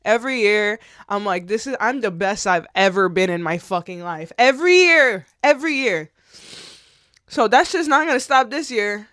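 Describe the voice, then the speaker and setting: A woman in her twenties rambles candidly to camera, slangy and swearing, tearful at times. Her voice is smooth and clear and sits in a middle pitch. The recording is dry, with no room sound. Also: lively intonation, moderate pace, hardly any pauses, a bit bright, no room sound. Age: 20s. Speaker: vlogger.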